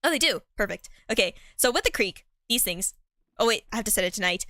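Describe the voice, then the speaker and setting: A woman's voice: mid-range voice, expressive, quick pace, bright, forceful tone, no room sound. A woman streamer chatting casually while playing a game, rambling and giggly, with lots of fillers.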